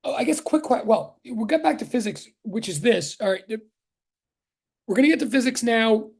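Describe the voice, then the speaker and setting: A man's voice: very high voice, animated, moderate pace, creaky, darkish tone, breathy edge. A chatty male physics professor talking over a video call. He rambles, restarts his sentences and greets his students one at a time before getting to the lesson. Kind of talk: casual online class greeting.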